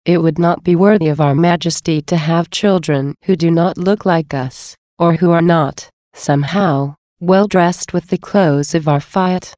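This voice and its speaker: A woman voicing a gentle, loving divine male speaker in a slow, measured, solemn devotional reading. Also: on the low side, dry recording, clean studio sound, lightly acted.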